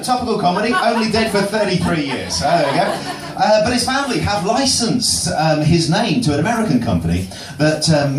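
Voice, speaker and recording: Dry, self-mocking stand-up comic. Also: male voice, high voice. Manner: dry, self-deprecating, with chuckles. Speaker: stand-up comedian. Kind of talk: topical stand-up set. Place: pub comedy venue. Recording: roomy distant pub mic with noise.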